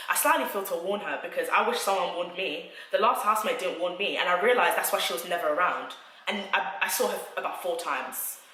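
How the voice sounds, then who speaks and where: A young woman telling a story to camera in an animated, chatty way. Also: lowish voice, echoey room, slight background noise, poor audio. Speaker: vlogger. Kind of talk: storytime vlog.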